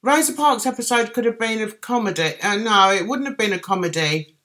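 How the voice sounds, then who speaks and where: In a mid-range, slightly bright voice that moves a little fast, a middle-aged woman from London with a Cockney accent chats on a livestream. She goes through viewers' comments and answers them casually.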